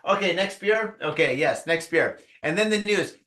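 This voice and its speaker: A man with a bright, fairly high voice hosts a casual beer tasting chat. He tells loose, joking stories with plenty of fillers, and the room adds a clear echo. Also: animated, moderate pace. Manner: loose, joking storyteller who puts on voices for anecdotes. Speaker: host of a beer tasting show. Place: living in Japan. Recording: roomy echo.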